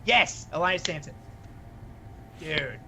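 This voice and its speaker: A man co-hosting a casual wrestling podcast, excitable and swearing casually. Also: fairly high pitch, slow pace. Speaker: podcast co-host.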